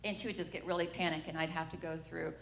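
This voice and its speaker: Low-voiced woman giving church testimony. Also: level tone, quick pace, vocal fry, echoey room, slight background noise. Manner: candid storytelling, acting out the quoted lines. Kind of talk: personal testimony. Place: church sanctuary.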